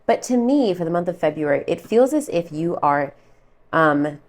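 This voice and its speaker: Low-voiced woman chatting through a tarot reading. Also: animated, normal speed. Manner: chatty, rambling, with frequent fillers and asides. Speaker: tarot reader. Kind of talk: casual tarot reading vlog.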